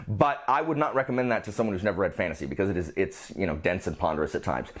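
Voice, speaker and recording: A man's voice: low voice, very fast. A man hosting a book channel, chatting casually with a rambling, playful manner. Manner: lively, rambling, playful asides. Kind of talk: casual chat.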